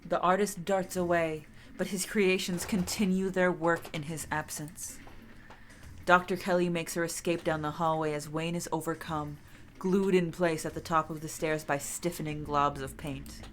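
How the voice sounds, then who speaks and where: A woman streamer reading a story game aloud with dramatic narration, breaking into lively chat with loud exclamations. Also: low-pitched, moderate pace, slight background noise. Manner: animated, bursts of loud exclamations and laughter.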